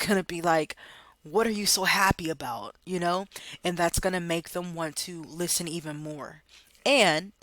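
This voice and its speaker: A man's voice: high voice, a bit bright, dry recording. A man giving a casual, upbeat sales training talk to viewers, encouraging them and calling them guys. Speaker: life insurance sales trainer. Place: home office.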